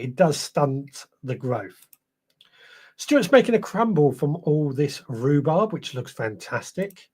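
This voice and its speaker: Chatty man, slightly high voice. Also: expressive, slow, darkish tone. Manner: chatty, rambling, self-correcting. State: a little tired. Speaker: podcast host. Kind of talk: live-stream chat reading viewer comments.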